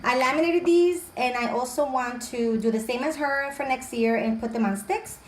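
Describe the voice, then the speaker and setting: A homeschooling mom who hosts her own channel chats enthusiastically at normal speed in a high-pitched voice during a show-and-tell vlog at home. The room is echoey with faint ambience, and there is a little hiss or hum.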